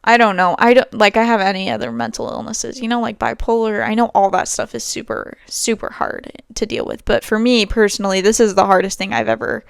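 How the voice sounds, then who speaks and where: A woman's voice: on the high side, lively intonation, brisk, gravelly, hardly any pauses, clear, resonant tone, no echo, studio quality. A young woman hosting a podcast at home, talking candidly and rambling, with many fillers and frequent laughs. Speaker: podcast host. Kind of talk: casual monologue.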